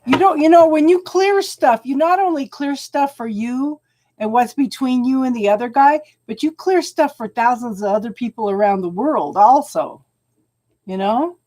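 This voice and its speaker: A woman's voice: high voice, moderate pace, dark tone. An older woman hosting a casual tarot livestream, chatty and often laughing, greeting viewers by name as she talks. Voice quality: laughs often while talking. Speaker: tarot reader host.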